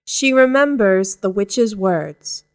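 A woman narrating a storybook aloud in a calm, measured way. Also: medium pitch, smooth.

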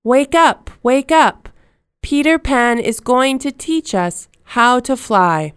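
A woman's voice: high-pitched, expressive, slow pace, clean tone, dry recording, studio quality. Woman reading as kind curious girl Wendy. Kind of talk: storybook reading.

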